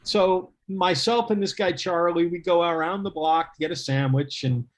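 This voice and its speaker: A middle-aged man telling a casual anecdote, animated and laughing as he acts out what people said. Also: high voice, moderate pace. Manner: animated, laughing storyteller who acts out quotes. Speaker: guest storyteller.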